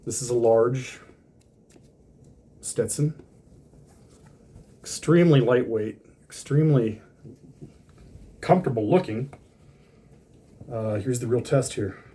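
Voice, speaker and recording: A man's voice: medium pitch, takes it slowly, pauses often, dark tone, slightly rough. A man casually talking through an unboxing of hats, rambling with lots of fillers and restarts.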